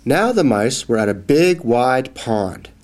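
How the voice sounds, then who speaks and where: Very slow, expressive children's book reader. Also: male voice, mid-range voice. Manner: slow, clearly enunciated, expressive. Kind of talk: reading a children's phonics book aloud.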